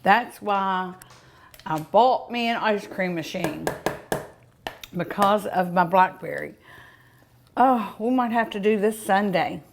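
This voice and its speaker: A woman hosting a home cooking show, tasting dessert with drawn-out mms and ohs in a folksy, chatty way, outdoors at her home. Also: mid-range voice, vocal fry, background noise.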